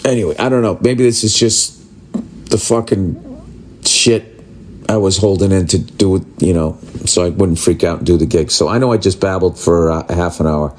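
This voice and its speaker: A man's voice: low-pitched, normal speed, a little hiss or hum. A man, a stand-up comedian, telling a profane, exasperated story.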